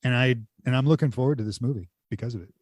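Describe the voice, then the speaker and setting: Male podcast co-host, mid-range and dry, quick blunt jokester, easygoing chat. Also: medium pitch, darkish tone, no room sound. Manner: blunt, joking, crude quips. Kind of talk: casual chat.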